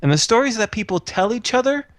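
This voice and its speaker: A man's voice: high voice, expressive, fast, dry recording. A man running a tabletop role-playing game, narrating casually with frequent fillers and chuckles. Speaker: game master.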